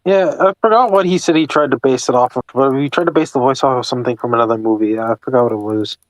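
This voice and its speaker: A man chatting casually with a friend while working, animated and laughing, often slipping into character voices. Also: mid-range voice, fast talker, no room sound. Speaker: channel host.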